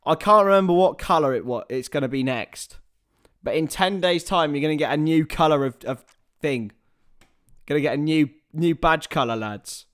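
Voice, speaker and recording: A fairly high-voiced man streaming a live football watchalong. He runs commentary on the play and chats loosely with his chat, now and then shouting out a goal. Casual, a bit sweary, forever calling everyone lads. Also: normal speed, clear, resonant tone. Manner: casual and chatty, swears, addresses viewers as lads; bursts into loud excited goal calls.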